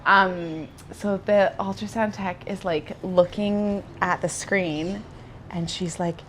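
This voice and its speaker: A woman's voice: medium pitch, fairly even intonation, slow, a little hiss or hum. A young woman vlogger telling a personal story in a casual, chatty way, with lots of fillers and restarts.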